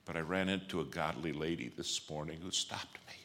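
A man preaching a sermon, telling a story and acting out the dialogue, going from loud to hushed. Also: a bass voice, fairly quick. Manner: animated storyteller, acts out quoted dialogue, swings from loud to hushed.

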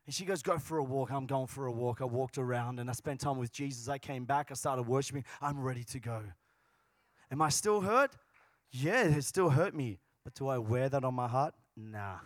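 A man preaching a sermon as pastor, moving between casual, joking asides and loud, passionate bursts. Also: mid-range voice, moderate pace, dry recording, studio quality. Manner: swings from quiet talk to loud, passionate preaching.

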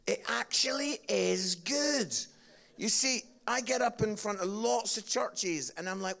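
Speaking in a high, creaky voice at a measured pace, a guest preacher from Scotland with an Edinburgh accent gives a comedic sermon. His manner is animated and full of jokes, with plenty of teasing aimed at the crowd.

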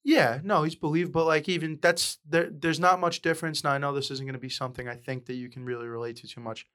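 A man's voice: on the high side, fairly even intonation, a bit bright. Opinionated man in casual movie talk. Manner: opinionated, swears casually, drawn-out delivery at times. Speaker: podcast co-host.

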